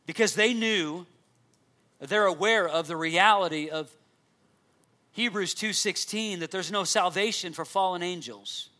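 A man's voice: high-pitched, normal speed, sharp tone. A man preaching a sermon in an earnest way, reading scripture aloud and explaining it to his congregation. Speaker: pastor.

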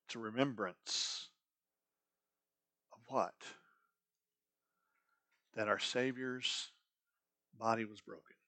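A man's voice: lowish voice, fairly even intonation, slow, long pauses, pushed and bright. A middle-aged man preaching a sermon as a pastor, talking conversationally and asking the congregation rhetorical questions.

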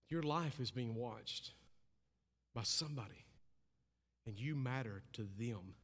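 Impassioned male preacher in a reverberant hall. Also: unhurried. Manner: impassioned, swings from loud and high to low and hushed. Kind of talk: sermon.

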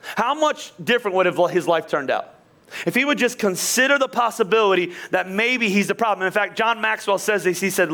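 Male pastor, sermon, high pitch, conversational, animated. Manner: animated and conversational, acting out quoted voices.

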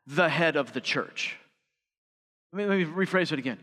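A man preaching a sermon as pastor, rising to emphatic peaks and dropping to quiet, earnest lines. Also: fairly high pitch, lively intonation, moderate pace, long reverb tail.

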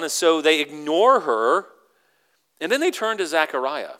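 A pastor preaching a sermon, animated and acting out the crowd's lines in sudden high voices. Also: male voice, measured pace, pauses often, smooth.

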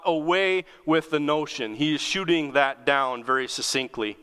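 Male pastor, bright clear voice, conversational sermon, long hall echo. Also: mid-range voice. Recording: long reverb of a large hall.

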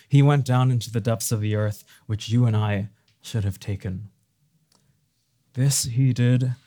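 A man's voice: fairly low pitch, dark tone. A man preaching a sermon in an earnest way, now and then rising to fervent emphasis.

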